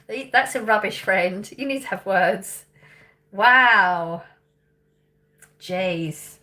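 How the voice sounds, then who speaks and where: A woman's voice: on the high side, slow pace, bright, forceful tone. A woman in her thirties from England, chatting casually on a livestream, reading out viewer questions, thinking aloud and laughing often. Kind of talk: casual live chat.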